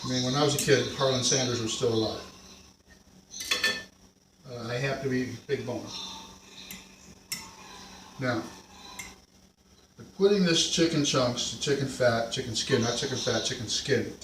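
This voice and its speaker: A man's voice: medium pitch, recorded from a distance, heavy background noise. Man, middle-aged, North Jersey accent, rambling home-cooking vlog talk, roomy kitchen, mic set back, pots and dishes clattering. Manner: rambling, digressive storytelling. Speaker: home cook vlogger.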